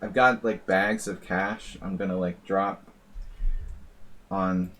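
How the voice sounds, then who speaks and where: A man's voice: sits low, steady tone, takes it slowly, a bit bright, a little hiss or hum. A man streaming blitz chess and chatting casually, wry and rambling, laughing at his own jokes. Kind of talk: casual live-stream chat.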